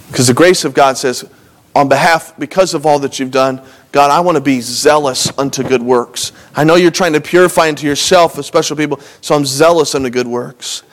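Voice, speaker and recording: A young adult man preaching a sermon as pastor, in an earnest, conversational way with frequent restarts and lively emphasis. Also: high voice.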